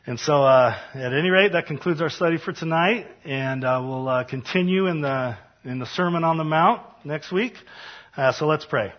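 A man leading a Bible study and closing prayer, earnest and repetitive, with frequent fillers and soft trailing endings. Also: a little high, normal speed, dull audio.

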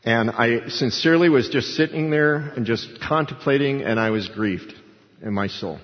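A man's voice: medium pitch, normal speed. A man preaching a sermon in an emphatic, conversational storytelling way. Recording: dull sound with long hall reverb.

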